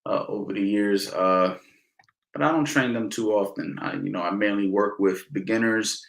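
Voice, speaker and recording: A man coaching boxing in a casual question-and-answer session, talking in a relaxed way and often adding "you know" and "man". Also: fairly low pitch, moderate pace, gravelly, roomy sound, low-quality recording. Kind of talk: casual Q&A instruction.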